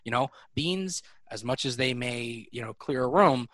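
A man's voice: mid-range voice, animated, moderate pace, a bit bright, dry recording. A man with a New York accent hosting a podcast, chatting casually in a rambling, joking way that keeps interrupting itself. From New York area. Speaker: podcast host. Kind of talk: casual chat.

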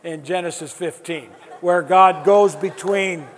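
A man's voice: sits high, measured pace. A man preaching a sermon, emphatic and building his points through repetition, with wry asides to the audience. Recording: long hall reverb.

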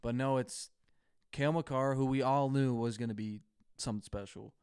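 A man co-hosting a casual sports podcast, relaxed and thinking aloud with fillers. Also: medium pitch, normal speed, clear, resonant tone, no room sound, studio quality. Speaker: podcast co-host.

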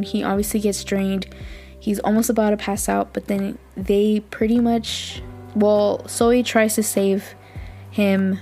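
A woman hosts a casual podcast, talking at mid pitch. She chats along eagerly, laughs often and leans on "like" as she recaps. Faint music plays behind her. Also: gravelly, darkish tone. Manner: chatty, gushing, laughs often, fills with "like". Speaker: podcast host.

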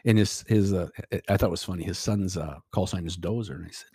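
Deep husky man telling a story. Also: quick pace, mellow, dry recording, studio quality. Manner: rambling, with many restarts and quoted dialogue. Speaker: podcast guest. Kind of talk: casual storytelling.

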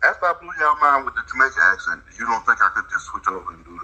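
Husky, sharp-toned joking man. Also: medium pitch, sing-song, racing, poor audio. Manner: teasing, joking banter. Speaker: podcast co-host. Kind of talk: casual comedic chat.

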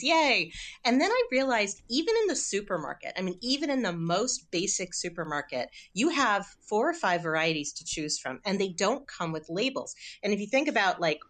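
A woman's voice: medium pitch, big pitch swings, brisk, fairly bright tone. A woman, a cookbook author guest on a radio call-in show, explaining with enthusiasm and some fillers into a studio mic. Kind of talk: radio interview.

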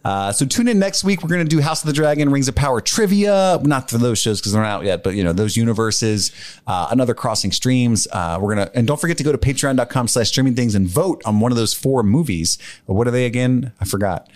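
A man hosting a podcast in casual chat, talking in an animated, rambling way and laughing often. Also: medium pitch, fast. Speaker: podcast host.

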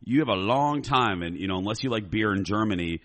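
Low-voiced man in easygoing chat. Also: fairly quick. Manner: relaxed, agreeable, stammers on restarts. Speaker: podcast co-host. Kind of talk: casual chat.

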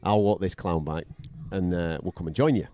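Deep-voiced blunt male storyteller. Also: fairly even intonation, normal speed, dark tone, no echo. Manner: profane, blunt storyteller who acts out quoted voices. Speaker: podcast co-host and radio boxing commentator. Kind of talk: casual anecdote-telling chat.

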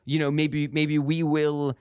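A man's voice: on the high side, completely flat delivery, unhurried, a little mellow, smooth, no room sound. A man hosting a comedy podcast interview, playing the earnest straight man and often restarting his sentences.

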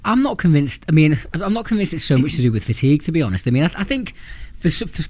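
A man's voice: a little high, big pitch swings, quick pace, a little mellow, no room sound. A man co-hosting a casual football chat, giving thoughtful opinions with frequent hesitations and restarts. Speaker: podcast co-host.

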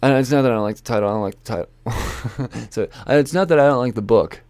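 This shop owner reviews the weekly comic releases on his own in a loose, joking, profane ramble. He talks fast at medium pitch, a bit mellow in tone, with no room sound.

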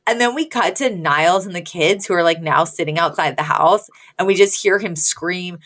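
A woman's voice: fairly low pitch, moderate pace, fairly bright tone. A woman co-hosting a podcast, chatting casually and animatedly as she retells a sitcom episode and acts out the quotes. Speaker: podcast co-host.

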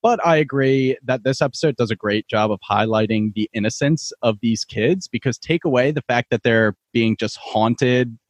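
A man's voice: mid-range voice, moderate pace, hardly any pauses, no echo. Upbeat man hosting a podcast. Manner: upbeat, joking, steers the talk. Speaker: podcast host. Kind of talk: casual podcast chat.

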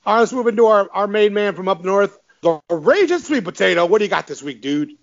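A man hosts a casual podcast chat, his voice sitting a little higher than most men's. He is enthusiastic, laughs often and stumbles over repeated words. The sound is slightly muffled and lo-fi. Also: animated, fairly quick. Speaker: podcast host.

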